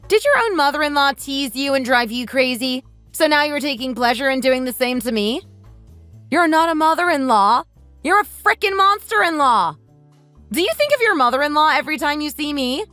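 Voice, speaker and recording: A woman's voice: high voice, sharp tone, no echo. A woman doing a sarcastic daughter-in-law. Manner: sarcastic, cutting comebacks. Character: defiant young adult daughter-in-law. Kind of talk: texting story voice acting.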